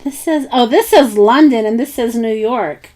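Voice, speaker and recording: A woman's voice: a little high, moderate pace, warm tone. A woman hosting a crafting tutorial, thinking aloud in a casual, hesitant way with many ums and bits of self-talk. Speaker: craft channel host.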